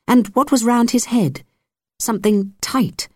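A woman narrates an audiobook from a script, with a measured, even storytelling delivery. Her medium-pitched voice sits close to a studio mic, with no room sound at all.

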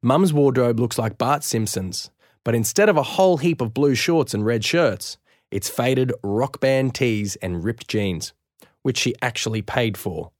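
Man reading a wry, lively story. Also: medium pitch, measured pace, no echo, studio quality. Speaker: audiobook narrator. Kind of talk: first-person storybook narration.

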